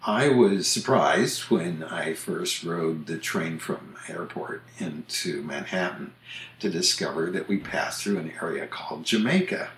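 Older male co-host, very low voice, chatty reader, echoey room. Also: a little slow, a bit bright. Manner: chatty, reads entries aloud. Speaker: podcast co-host, author. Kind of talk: casual chat and reading aloud. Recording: roomy echo.

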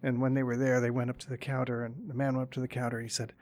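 A man's voice: medium pitch, little pitch movement, racing, few pauses, a little mellow. Hesitant male podcast host. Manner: hesitant, many restarts, tells jokes. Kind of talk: casual chat and joke telling.

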